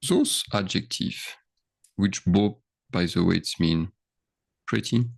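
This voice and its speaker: A French teacher with a low, gravelly, husky voice goes slowly through a grammar lesson on screen share, thinking aloud and often stopping to ask questions.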